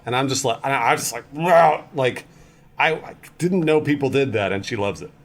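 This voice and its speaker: A man's voice: mid-range voice, fast. Chatty man hosting a podcast. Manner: animated storyteller, lots of fillers. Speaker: host. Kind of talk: casual chat.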